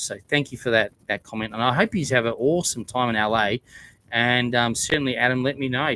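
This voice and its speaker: A man's voice: medium pitch, a bit bright. A man hosting a casual livestream chat, talking earnestly in a rambling way with many fillers and restarts. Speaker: theme park YouTuber hosting a livestream.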